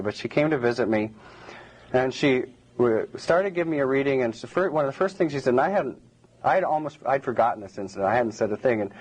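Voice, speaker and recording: Male lecturer, husky tone, live public talk, digressive and unscripted. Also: medium pitch, rough recording. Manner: rambling and digressive, many restarts.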